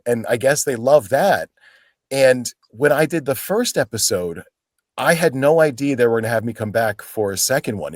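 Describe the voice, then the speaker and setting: A man's voice: mid-range voice, dry recording, studio quality. A man from Pennsylvania, an actor as a guest, telling stories in a casual interview and acting out quoted lines in voices.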